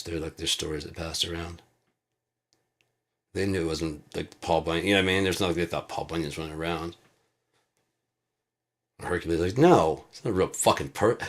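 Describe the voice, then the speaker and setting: A man around fifty from the United States, ranting casually as a show host. He swears constantly, rambles loosely and breaks into loud laughing outbursts. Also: deep voice.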